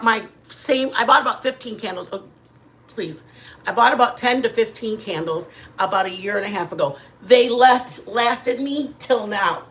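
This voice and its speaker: A middle-aged woman hosting a casual livestream from her living room, telling rambling, animated stories to her chat. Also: on the high side. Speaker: channel host.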